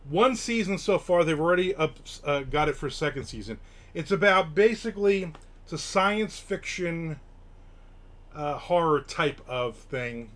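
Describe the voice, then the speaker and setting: A man's voice: fairly high pitch, a little slow. Rambling, chatty middle-aged man. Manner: rambling, many fillers, bursts of excitement. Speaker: live stream host. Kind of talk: casual chat, reading and answering chat.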